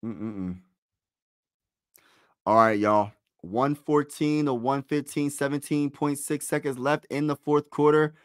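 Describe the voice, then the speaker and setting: A young man giving casual fan play-by-play of a basketball game, excitable, pleading and groaning as plays unfold. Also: mid-range voice, slow, dry recording, clean studio sound. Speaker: live play-by-play streamer.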